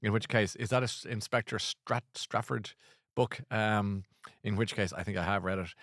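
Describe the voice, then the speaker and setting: A man's voice: fairly low pitch, steady tone, normal speed, fairly bright tone, no room sound, studio quality. A man hosting a casual chat show, rambling and self-deprecating with lots of restarts. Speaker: host.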